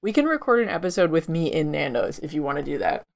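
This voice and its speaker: A woman's voice: deep voice, sing-song, quick pace, vocal fry. A woman co-hosting a podcast in casual chat, playful and swearing. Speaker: podcast co-host.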